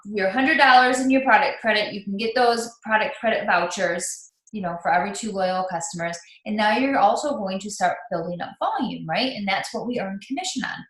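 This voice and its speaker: A woman's voice: medium pitch, a bit bright, echoey room. A woman leading a live online training for new team members, talking in a chatty, upbeat way with lots of ums and restarts.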